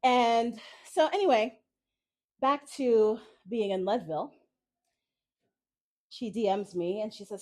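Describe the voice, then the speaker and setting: Expressive woman telling a story live. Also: fairly high pitch, takes it slowly, long pauses. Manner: expressive, laughs often while telling. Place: cafe event in the mountains.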